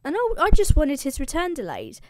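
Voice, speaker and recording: A woman's voice: lowish voice, sing-song, moderate pace, no echo. A petulant sea god played by a woman whines about being wronged in a casual, modern voice. The sound is dry and close. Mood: aggrieved. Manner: whiny complaining.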